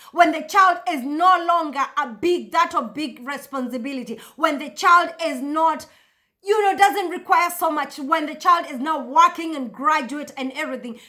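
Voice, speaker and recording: A woman's voice: high voice, bright, forceful tone. A woman vlogger talking straight to camera in a passionate, emphatic, repetitive way. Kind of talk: casual monologue to camera.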